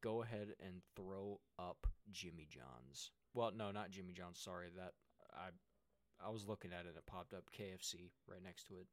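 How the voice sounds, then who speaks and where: A young man with a lowish voice talks casually, circling back and restarting his sentences as he tells a story. His voice gets louder and livelier at the exciting parts. The sound is dry and close, with no room echo. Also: moderate pace. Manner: rambling storytelling with many restarts, animated when excited. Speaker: co-host. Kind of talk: casual chat.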